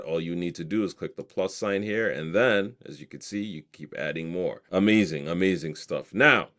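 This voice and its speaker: A man walking through a video tool on screen, reading out its options with enthusiasm. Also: low voice. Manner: enthusiastic, reads options aloud. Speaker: software tutorial presenter. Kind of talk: screen-recorded software walkthrough.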